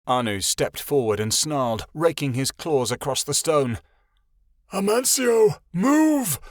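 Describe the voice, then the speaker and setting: A man narrating a fantasy audiobook in an even storytelling manner. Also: mid-range voice, normal speed, no echo, studio quality.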